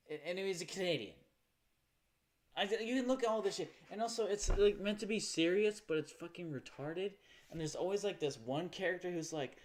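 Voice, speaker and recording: A man's voice: fairly high pitch, moderate pace. A man chatting casually on a livestream in a profane, rambling rant. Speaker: live streamer.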